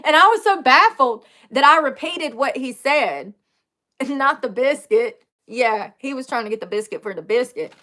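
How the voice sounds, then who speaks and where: A woman hosting a casual livestream, talking bluntly and telling stories with animated energy and frequent laughter. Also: fairly high pitch. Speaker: livestream host.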